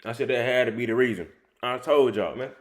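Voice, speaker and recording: A man's voice: mid-range voice, fairly quick, a little hiss or hum. A man reacting with blunt, joking asides as a streamer. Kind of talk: casual reaction commentary.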